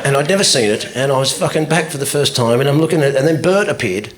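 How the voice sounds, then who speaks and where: A man's voice: mid-range voice, expressive, quick pace. Profane, ranting stand-up comedian man. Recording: live club recording with background noise. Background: audience laughter.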